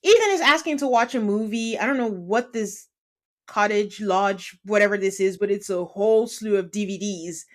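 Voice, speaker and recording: A woman's voice: medium pitch, moderate pace. A woman host in casual conversation, recapping episodes of a reality series. She is chatty and slips into little voices when quoting people. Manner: chatty, acts out quotes with lively voices. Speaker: podcast host.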